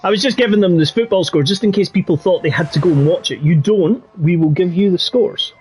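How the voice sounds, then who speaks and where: Chatty Yorkshire race commentator. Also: male voice, high-pitched, a little fast, darkish tone, a little hiss or hum. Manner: chatty and jokey, drifting into banter. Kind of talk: casual live commentary.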